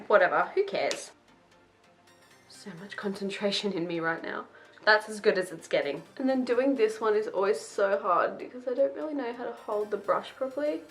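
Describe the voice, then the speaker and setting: A woman's voice: fairly high pitch, a bit bright. Young woman, chatty vlogger voice, self-mocking and casual, faint music underneath. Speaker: beauty vlogger. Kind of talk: casual chat while doing makeup.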